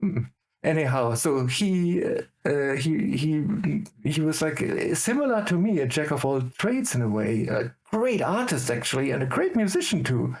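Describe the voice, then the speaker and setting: A middle-aged man with a German accent, a guest in casual chat who rambles excitedly from tangent to tangent. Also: fairly high pitch, moderate pace, husky.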